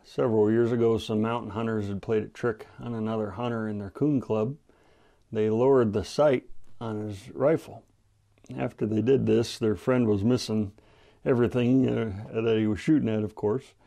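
A man, the pastor, teaching an earnest, measured radio Bible-study sermon and reading scripture aloud. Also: fairly low pitch, steady tone, vocal fry, warm tone.

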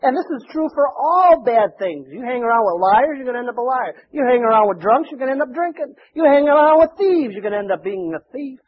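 A man's voice: very high voice, expressive, quick pace, few pauses, slightly rough. A male pastor preaching a sermon in a conversational way, often asking rhetorical questions and repeating words. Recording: dull lo-fi church recording.

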